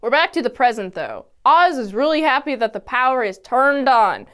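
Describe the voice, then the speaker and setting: High, lively woman recapping a TV episode. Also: moderate pace, clear, resonant tone. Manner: animated, exclamatory, acts out characters' lines. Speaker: TV episode reviewer.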